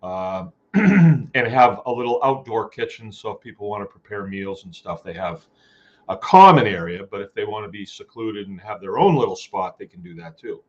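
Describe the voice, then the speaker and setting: A man's voice: on the low side, lively intonation, moderate pace, highs cut off. A man hosting a casual farming live chat from his farm, folksy and rambling as he greets viewers by name. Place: home farm.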